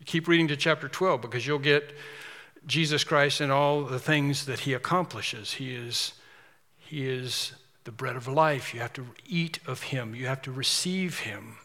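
A man's voice: medium pitch, measured pace, bright, forceful tone. A man preaching a sermon, emphatic and repetitive, building intensity as he drives points home. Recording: long hall reverb.

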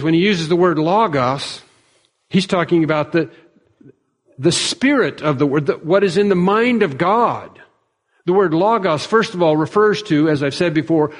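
A man preaching a sermon in an earnest, measured way, quoting speakers in small acted-out voices. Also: sits high. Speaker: pastor. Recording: long reverb of a large hall.

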